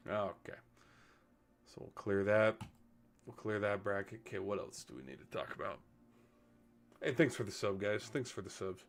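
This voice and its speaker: Man hosting a sports live stream, somewhat low voice, loose and rambling delivery with casual swearing. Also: moderate pace, long pauses.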